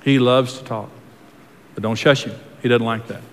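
A man's voice: medium pitch, steady tone, moderate pace. A man pastor preaching a sermon in an earnest, folksy way, often repeating himself and restarting his words. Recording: long hall reverb.

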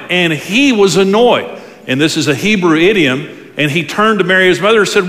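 Animated male preacher in a reverberant hall. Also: on the high side, moderate pace. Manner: animated storytelling, acts out quoted voices. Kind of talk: sermon. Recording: long reverb of a large hall.

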